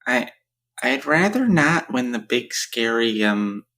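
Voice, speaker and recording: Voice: mid-range voice, sing-song, slow, a bit bright. Spieler, zögerlich, langsam, lebhafte Melodie. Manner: hesitant, hedging. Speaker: player. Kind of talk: tabletop role-play chat.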